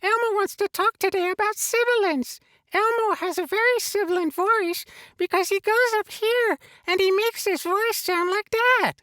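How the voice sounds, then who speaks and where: A man voicing a childlike red monster puppet in a high squeaky falsetto, talking about himself in the third person and slipping in crude insults. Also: normal speed, sharp tone, no echo. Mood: cheery. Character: small furry red monster puppet, childlike yet foul-mouthed. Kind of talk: comedic puppet impression in a tutorial.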